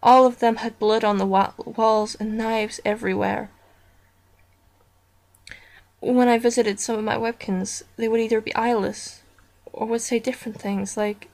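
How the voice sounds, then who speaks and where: Woman narrator for a horror story reading; higher voice, unhurried, deliberate delivery. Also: steady tone, gravelly, darkish tone.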